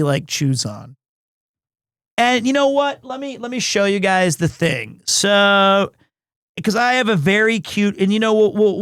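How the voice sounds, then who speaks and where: Slow-talking, gushing male streamer. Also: high-pitched, fairly bright tone, clear, resonant tone, no echo, studio quality. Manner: gushing, rambling, repeats words. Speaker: livestream gamer host. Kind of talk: casual stream chat.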